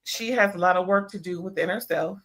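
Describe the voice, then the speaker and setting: Lower-voiced woman hosting a live reality tv recap, emphatic, chatting right to her viewers. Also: brisk, a bit bright. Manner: emphatic, talks to viewers as "y'all". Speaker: host. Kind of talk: casual reality TV review.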